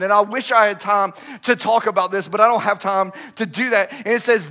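A young adult male pastor preaching a sermon, telling stories with animated swings from loud outbursts to hushed asides. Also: high voice, moderate pace, hardly any pauses.

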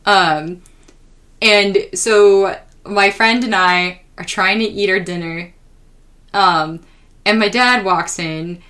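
A young woman hosting a podcast, telling a comic story in an exasperated, profane, animated way. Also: medium pitch, takes it slowly. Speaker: podcast host. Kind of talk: casual comedic storytelling.

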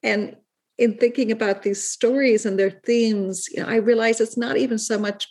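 A middle-aged woman from Ireland with a soft Irish accent drifting toward American, speaking in a thoughtful, halting way as an author being interviewed. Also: fairly high pitch, steady tone. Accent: soft Irish, shifting toward American. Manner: thoughtful, halting, many restarts and fillers. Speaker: author guest. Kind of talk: reflective interview talk.

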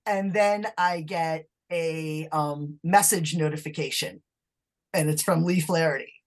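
A woman guest in an interview, telling a personal story in a conversational, animated way. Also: a little slow. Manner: animated, acts out quoted talk with sudden high pitch and laughs. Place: lived in Massachusetts.

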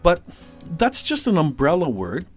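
A man's voice: a little high, wildly swooping pitch, normal speed, soft background music. A man from North America co-hosting a podcast English lesson, explaining tea phrases with example sentences. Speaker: English teacher, podcast co-host. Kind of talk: bilingual podcast lesson chat.

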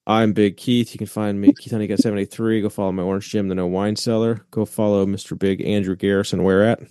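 A man's voice: on the low side, flat delivery, quick pace, warm tone, smooth, no room sound. A man co-hosting a podcast in casual chat, joking and self-deprecating, swearing casually. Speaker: podcast co-host.

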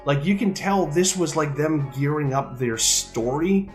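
A man's voice: on the high side, a little slow, faint music behind. A man in his thirties co-hosting a casual podcast about retro games, talking in a jokey, rambling, playful way from a room at home. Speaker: podcast co-host. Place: home room with open window.

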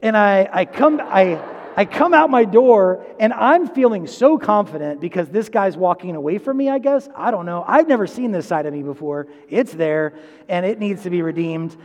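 A man's voice: high voice, animated, normal speed, a little mellow, in a large hall, muffled recording. A man preaching a sermon, telling a personal story in a conversational way with asides and self-corrections. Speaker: pastor.

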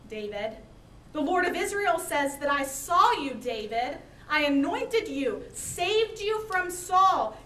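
A woman's voice: high voice, sharp tone, roomy sound, distant mic, slight background noise. A woman acting out a prophet who rebukes a king, emphatic and without drama. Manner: emphatic, unemotional. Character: calm, emphatic prophet confronting a king, man.

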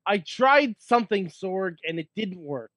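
A man with a high, light voice trades jokes and teases his co-hosts in loose wrestling talk. The sound is close and dry, with no room around it. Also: animated, unhurried, fairly bright tone, no room sound. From Italian heritage. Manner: joking, teasing banter. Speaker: podcast co-host. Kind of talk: casual wrestling chat.

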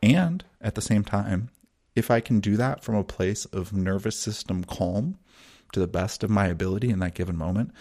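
A man guides listeners through breathing practice in a calm, measured monologue. His voice sits fairly low with a gravelly, fried texture. He talks in a soothing way and leaves long pauses. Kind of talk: teaching monologue.

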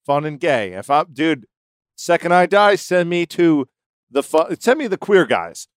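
A man co-hosting a casual podcast, trading playful quick jokes. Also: on the high side, sing-song, smooth, dry recording, clean studio sound. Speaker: podcast co-host.

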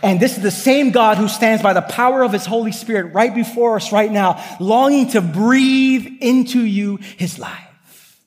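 A man with a high-pitched voice preaches at a moderate pace, earnest and building through repetition as he works in personal stories. The recording, made in a church sanctuary, has a long hall reverb.

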